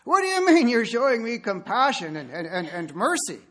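A man's voice: high voice, animated, normal speed, a bit bright. A man voicing an upset bride at a wedding who complains indignantly to her groom. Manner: complaining, exasperated.

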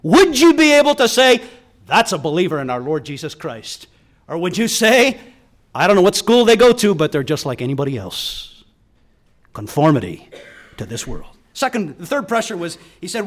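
Middle-aged male preacher, sermon delivery, high voice, animated storyteller. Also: moderate pace. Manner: storytelling with quoted voices and wide swings in emphasis.

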